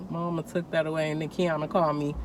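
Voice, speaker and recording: A young woman telling a story in casual chat while eating, animated, acting out quotes and laughing often. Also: low voice, fast talker, background noise. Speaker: co-host.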